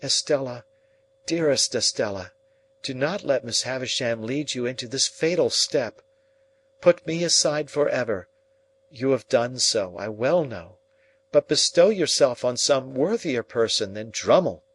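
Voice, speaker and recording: A man's voice: mid-range voice, expressive, unhurried, husky, pitched above the performer's own voice. A man reading the part of an anguished young man pleading with the woman he loves, in a storybook reading. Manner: pleading, earnest, emotional.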